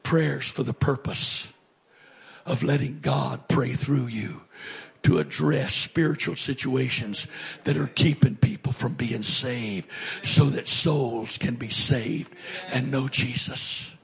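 A middle-aged male pastor preaching a sermon, animated, swinging from loud to hushed. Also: medium pitch, slow pace, creaky, husky.

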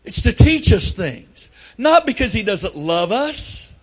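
An older man preaching a sermon, telling folksy family stories and breaking into loud outbursts. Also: sits high, very animated, takes it slowly, husky. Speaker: pastor.

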